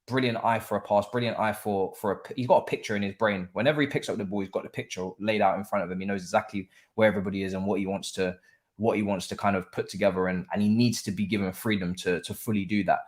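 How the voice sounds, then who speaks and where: A man, a guest pundit in casual football chat, animated and repeating phrases with frequent ums. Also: on the low side.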